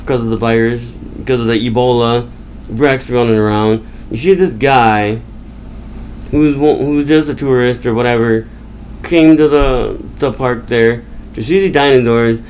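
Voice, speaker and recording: A man's voice: medium pitch, steady tone, a little slow, darkish tone, poor audio. A man hosting a podcast rambles through a movie recap in a chatty, loose way, restarting his sentences as he goes. A faint hiss sits behind his voice. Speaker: podcast host.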